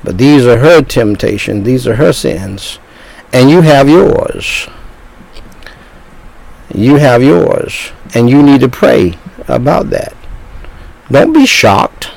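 An older man preaching a sermon at a middle pitch. His voice is gravelly and rough, and his delivery is blunt and rambling. He circles back over his own phrases as he goes. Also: slow, a little mellow, low-quality recording. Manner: blunt, rambling, repeats himself.

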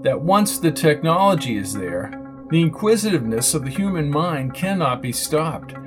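A man hosting a fiction podcast, giving a measured, reflective scripted introduction. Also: a little high, big pitch swings. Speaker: podcast host. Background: guitar music.

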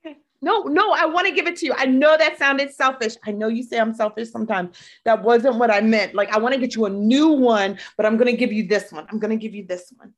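A woman playing an emotional partner in an improvised comedy scene, quick to tears and quick to defend herself. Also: fairly high pitch, close to an everyday voice. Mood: flustered. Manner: gushing, quick to tears and self-justifying. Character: emotional, touchy woman on a romantic outing.

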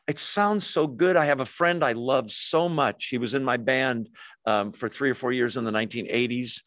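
A man's voice: mid-range voice, normal speed, fairly bright tone, dry recording. A man preaching a sermon in a conversational way, often putting questions to his listeners. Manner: conversational, asks the audience questions. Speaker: pastor.

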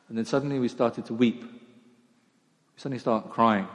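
Preacher in a reverberant church. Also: male voice, mid-range voice, normal speed, pauses often. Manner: conversational, self-deprecating, with quiet asides. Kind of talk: sermon. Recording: long church hall reverb.

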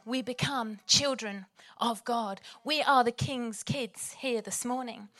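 A woman's voice: a little high, fairly bright tone. Chatty enthusiastic woman preacher. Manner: chatty, enthusiastic, laughs easily. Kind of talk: sermon.

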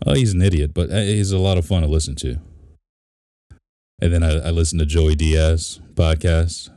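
A man's voice: low voice, fairly even intonation, moderate pace, mellow, no echo, clean studio sound. A man co-hosting a podcast, chatting casually in a rambling, talkative way. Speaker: podcast co-host. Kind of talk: casual chat.

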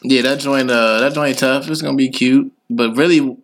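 A young man joking around in a relaxed, slangy back-and-forth, with a voice of ordinary middle pitch. He talks easily and keeps the banter loose. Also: moderate pace, slight background noise. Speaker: podcast co-host. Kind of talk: casual chat.

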